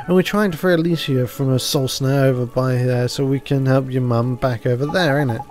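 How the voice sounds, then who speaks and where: A man's voice: medium pitch, steady tone, a little fast, natural voice. A man reading out the lines of a cheeky little fairy sidekick, talking in a folksy, chummy way full of tag questions. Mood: chatty.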